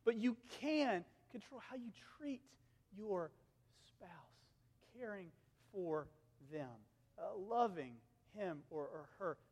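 A man in his thirties preaching a sermon as a pastor, earnest, moving between emphatic passages and hushed, intimate ones. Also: high voice, animated, slow pace. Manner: earnest, swings from loud and emphatic to hushed, intimate near-whispers. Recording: long hall reverb.

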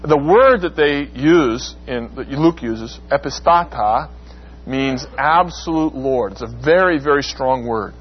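A man's voice: medium pitch, measured pace. Man, Bible class teacher, questions the class, acts out quotes, faint hum, dull lo-fi sound. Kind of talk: interactive Bible class lecture.

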